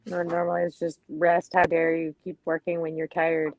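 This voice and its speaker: A woman guest on a casual livestream, playful and quick to laugh. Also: deep voice, noisy background. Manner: playful, animated, laughs easily. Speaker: guest who works in politics. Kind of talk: casual live chat.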